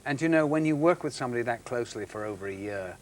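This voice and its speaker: A man's voice: mid-range voice, lively intonation. Middle-aged male guest, anecdotal storyteller, stumbles and restarts, mimics others. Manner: halting restarts, acts out quoted voices. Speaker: actor guest. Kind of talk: anecdotal chat show storytelling.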